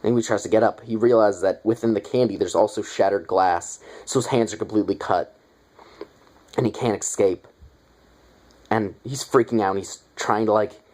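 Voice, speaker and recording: Low-pitched male reviewer, excitable, profane, rambling casual delivery. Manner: excited, rambling, heavy swearing. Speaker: movie reviewer.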